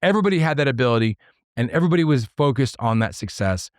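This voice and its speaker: A man hosting a podcast on his own, explaining leadership ideas step by step in numbered points, earnest and sometimes excitable. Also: medium pitch, rapid-fire, no room sound, studio quality. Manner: excitable at times. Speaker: podcast host. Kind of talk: solo podcast talk on leadership.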